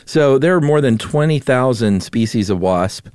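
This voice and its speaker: A man's voice: medium pitch, expressive, moderate pace, a little mellow, smooth, no echo, clean studio sound. A man co-hosting a podcast in casual chat, laid-back and joking as he lays out facts plainly. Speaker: podcast co-host.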